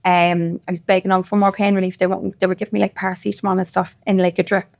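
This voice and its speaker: A woman with a Cork Irish accent talks as a podcast guest, her voice carrying a gravelly, creaky texture. She tells her story in loose, rambling, emphatic casual chat. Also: medium pitch, flat delivery, fast talker. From Cork, Ireland.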